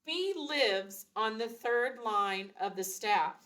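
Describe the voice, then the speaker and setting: A woman's voice: on the high side, expressive, very slow, fairly bright tone, faint music behind. A woman teaching a beginners' recorder lesson, explaining each step patiently and counting out rhythms. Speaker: music teacher.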